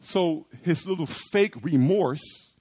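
A man's voice: on the high side, slow pace, darkish tone. A man preaching a sermon, asking rhetorical questions, repeating phrases and acting out quoted pleas.

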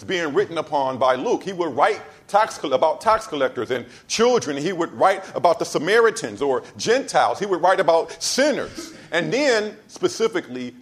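A pastor delivering a sermon, driving points home with repeated lines and swinging between loud emphasis and soft asides. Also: male voice, mid-range voice. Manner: casual storytelling asides.

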